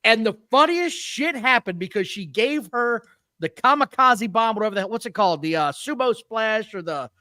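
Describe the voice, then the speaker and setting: Podcast co-host, male, high bright voice, blunt ranting delivery, dry close sound. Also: lively intonation, moderate pace, no echo. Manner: blunt, exasperated rants with profanity. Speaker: podcast co-host reviewing wrestling. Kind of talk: casual chat.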